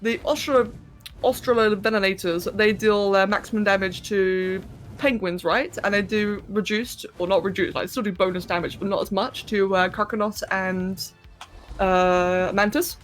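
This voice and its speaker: A woman's voice: mid-range voice, steady tone, normal speed, faint music behind. A woman streaming a game live, chatting casually, thinking aloud and answering her chat as she plays.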